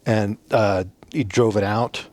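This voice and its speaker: Slow and steady, this man's fairly low voice has a darkish tone. He's a podcast guest and ex-soldier from a Navajo reservation in the US, spinning loose, casual stories packed with fillers and swearing.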